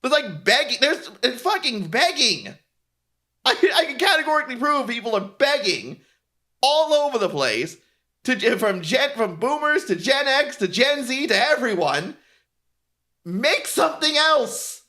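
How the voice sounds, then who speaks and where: A man's voice: extremely high pitch, big pitch swings, normal speed, sharp tone. A male streamer ranting in casual commentary while painting miniatures, swearing constantly, laughing often and mocking others in quoted voices. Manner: profane, laughing often, mock-quoting others.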